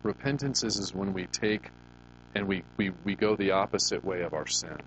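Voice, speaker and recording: Middle-aged guy preaching, lowish voice, chatty, tells family stories, hum behind him. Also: moderate pace, rough recording. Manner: conversational, asks the congregation questions; folksy personal storytelling. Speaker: pastor. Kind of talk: sermon.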